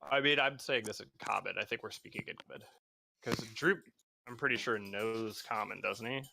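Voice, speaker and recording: A man's voice: fairly low pitch, a little fast, creaky, pushed and bright. A laid-back man playing a tabletop game, a bit tipsy, talking with many hesitations. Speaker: player. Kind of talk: casual chat in a tabletop game.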